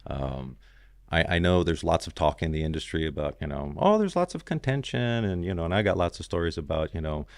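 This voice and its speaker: A man's voice: extremely low pitch, steady tone, brisk, vocal fry, dry recording, studio quality. A man guesting on a podcast, telling his story in a loose, rambling way full of "you know" and "man". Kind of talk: casual storytelling interview.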